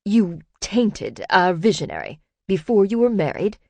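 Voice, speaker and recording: A woman's voice: mid-range voice, very animated, unhurried, gravelly, a little mellow, no room sound, exaggerated voice. Woman voicing a pompous older council man. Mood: indignant. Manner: condescending, bellowing.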